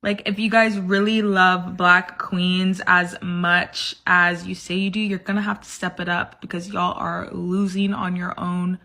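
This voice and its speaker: A woman's voice: lowish voice, level tone, measured pace, hardly any pauses, pushed and bright. A woman giving sassy, teasing opinions in a casual vlog.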